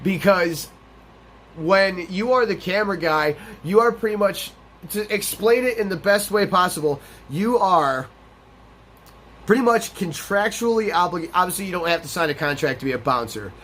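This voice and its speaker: A man's voice: high voice, lively intonation, normal speed, a bit bright. A man hosting a gaming channel, telling a rambling, profane, self-deprecating story over a game playthrough.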